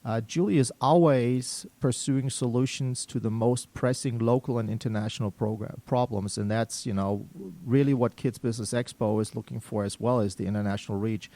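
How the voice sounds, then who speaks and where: A man with a German accent hosting a business radio show, talking in a relaxed way with many fillers. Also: mid-range voice, moderate pace, few pauses, dry recording. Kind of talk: casual radio talk. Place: radio studio.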